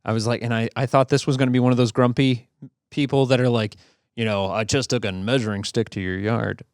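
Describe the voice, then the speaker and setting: A man's voice: medium pitch, steady tone, a little fast, no echo, clean studio sound. A man co-hosting a podcast, telling a story in an easygoing way with fillers and restarts. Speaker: podcast co-host. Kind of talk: casual conversational storytelling.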